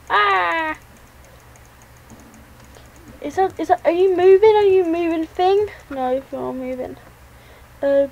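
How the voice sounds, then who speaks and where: A woman's voice: very high-pitched, a little mellow, low-quality recording. A woman giving jittery, talk-to-herself commentary as she plays a game. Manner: jittery, talks to herself while playing. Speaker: gaming channel host. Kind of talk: let's play commentary.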